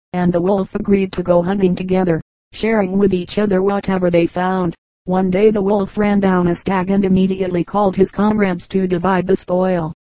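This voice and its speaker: Female audiobook narrator, measured, mellow and dry. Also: fairly low pitch, dry recording, poor audio. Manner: measured, steady reading. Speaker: audiobook reader. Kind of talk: scripted storybook narration.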